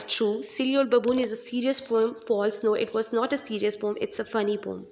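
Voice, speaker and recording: A woman's voice: on the high side, fairly even intonation, fairly quick, darkish tone, lo-fi sound. A woman English teacher with a Pakistani accent, giving an online revision lesson and explaining step by step, asking and answering her own questions.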